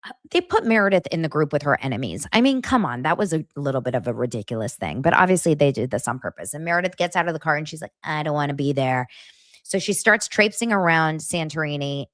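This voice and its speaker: A woman hosting a podcast, recapping reality TV in a casual, gossipy way and slipping into high mimicking voices. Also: animated, fast, a bit bright, no room sound, studio quality. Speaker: podcast host.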